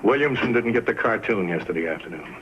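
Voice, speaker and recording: A man's voice: on the low side, animated, background noise, close to an everyday voice. An actor playing a blunt, fed-up male talent agent who speaks firmly, in 1950s TV drama style, on a dull old TV soundtrack. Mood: reproachful. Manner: blunt, measured, firm.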